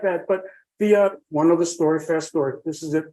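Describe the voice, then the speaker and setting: Halting, heartfelt man telling his story. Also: fairly high pitch, dark tone, rough recording. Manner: halting, many fillers and restarts, heartfelt. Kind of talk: rambling personal storytelling.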